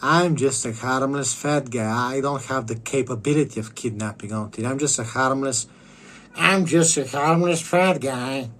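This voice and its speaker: A man's voice: fairly high pitch, a little hiss or hum, close to an everyday voice. A man voicing a cheery, harmless, disguised fake-man with folksy greetings. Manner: chirpy, folksy greetings, drawn-out.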